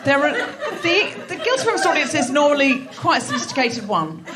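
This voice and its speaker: A woman's voice: high-pitched, very animated, fast, a loud crowd, heavy background noise. A woman hosting a live comedy show, bantering with the audience and laughing as she teases them. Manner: teasing, laughing, playful banter. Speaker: host. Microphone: handheld mic.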